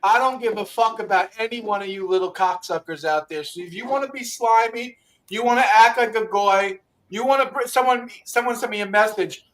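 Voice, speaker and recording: Livestream host, male, New York accent, high-pitched, brash and foul-mouthed, keeps repeating himself. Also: fairly quick, recorded from a distance. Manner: brash, loud and repetitive, swearing often. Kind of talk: casual profane chat.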